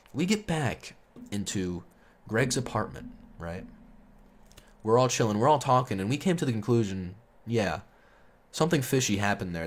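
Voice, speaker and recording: A man telling a story in a casual, rambling, profane way, chuckling as he goes. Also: low voice. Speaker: storyteller host.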